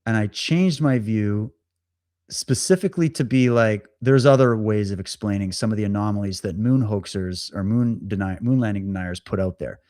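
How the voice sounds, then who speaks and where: A man hosting a livestream, telling a story in a casual, animated way, often stammering, repeating himself and acting out what others said. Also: on the low side, moderate pace, dry recording, clean studio sound. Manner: animated, stammers and repeats words, acts out quotes. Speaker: livestream host.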